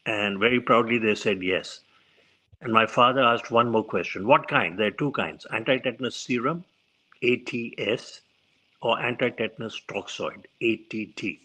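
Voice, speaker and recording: A man's voice: medium pitch, moderate pace, low-quality recording. A man, a physician telling stories as an interview guest and acting out the voices he quotes. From India. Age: 70s. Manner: animated storyteller who acts out quoted voices. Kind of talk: storytelling in an interview.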